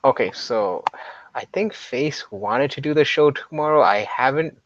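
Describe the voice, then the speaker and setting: A man's voice: medium pitch, lively intonation, a little slow, fairly bright tone, a little hiss or hum. Nasal, congested man on a dull mic. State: congested from allergies. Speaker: co-host. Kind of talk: casual live-stream chat. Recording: dull, dry sound.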